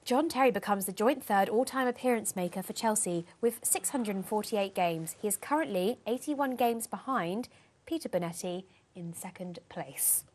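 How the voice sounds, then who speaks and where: A woman reading sports stats in a put-on posh newsreader voice with prim, crisp enunciation. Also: medium pitch, moderate pace, a little mellow, close to an everyday voice. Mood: mock posh.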